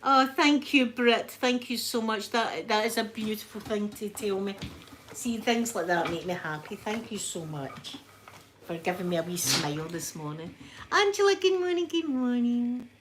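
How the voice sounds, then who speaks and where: A woman with a Glaswegian accent chatting to live viewers in an animated way, a little breathless as she recovers from illness. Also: mid-range voice, normal speed, noisy background. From Scotland. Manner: chatty, animated storyteller, reads out chat names. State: a bit breathless after illness. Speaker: livestream host. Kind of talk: casual chat with live viewers.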